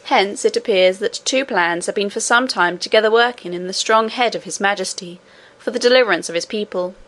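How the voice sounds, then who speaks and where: A woman puts on a scheming goblin chancellor, a self-important male creature orating to his people. He talks fast and a little low, rolling out grand claims of revenge in a storybook voice. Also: fairly bright tone, close to an everyday voice. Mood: grandiose.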